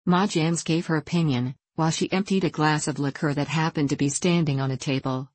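Low-voiced woman narrating a story. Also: no echo. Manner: steady, measured storytelling. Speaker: audiobook narrator. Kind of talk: scripted narration. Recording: dry close recording.

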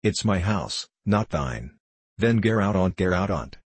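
A drunken, violent middle-aged miner barks in broad, rough dialect, voiced by a male reader. His voice sits deep and grainy, flattened into a thick snarl. It is recorded close and dry, with no room around it. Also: a little slow, no room sound, full character voice. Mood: raging.

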